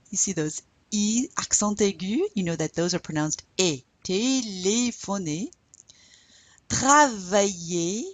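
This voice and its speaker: A woman gives a recorded French lesson, speaking slowly and carefully so students can repeat after her. Her voice sits a little low. The sound is dry and close, with no room echo. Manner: slow and deliberate, modelling pronunciation for learners to repeat. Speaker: French teacher. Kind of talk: recorded lecture.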